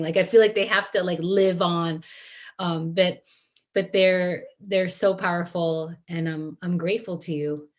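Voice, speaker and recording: Brief: lower-pitched woman author, effusive, halting with fillers, on a video call. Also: fairly even intonation. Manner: warm, effusive, many fillers and restarts. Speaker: author and guest speaker. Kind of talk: casual event talk.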